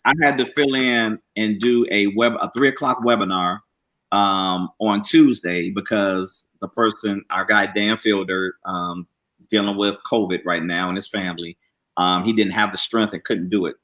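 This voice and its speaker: A man co-hosting a casual chat, giving defensive, lively pushback. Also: lowish voice, normal speed. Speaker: co-host.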